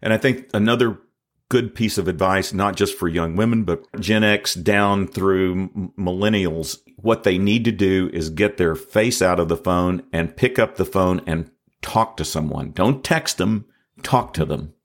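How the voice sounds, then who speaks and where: A man's voice: sits low, a little slow. A man hosting a podcast interview, asking questions and adding his own advice. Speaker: podcast host.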